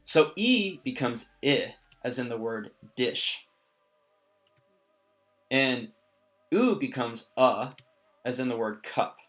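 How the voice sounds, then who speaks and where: Male teacher, bright clear voice, patient and jokey, casual explainer, soft music under. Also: mid-range voice, animated, takes it slowly, pauses often. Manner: patient, explanatory, lightly joking. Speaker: language teacher. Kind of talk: casual lesson explaining a constructed language.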